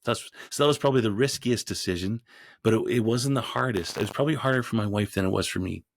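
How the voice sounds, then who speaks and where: A man who is a podcast guest, telling a story in a rambling way with frequent restarts and growing animated as he goes. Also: fairly low pitch, quick pace, no echo, clean studio sound. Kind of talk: storytelling in an interview.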